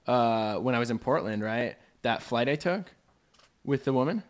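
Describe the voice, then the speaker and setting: A man co-hosting a podcast, telling stories in an animated, rambling way. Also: medium pitch, moderate pace. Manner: animated storytelling, lots of fillers. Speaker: podcast co-host. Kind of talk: casual podcast chat.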